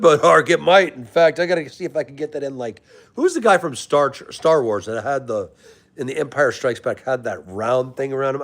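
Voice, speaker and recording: Casual man chatting on a livestream. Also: fairly high pitch. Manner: friendly, greets chatters by name, calls them brother. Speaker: livestream host reading chat. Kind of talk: casual live-stream chat.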